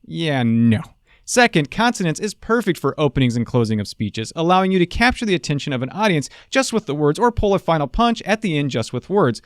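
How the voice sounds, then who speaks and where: A man teaching public speaking in a playful, joking scripted style. His voice sits a little high, with a very lively, animated melody. The sound is close and dry. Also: brisk, clean tone, dry recording. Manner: playful, jokey, upbeat. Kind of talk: scripted video lesson.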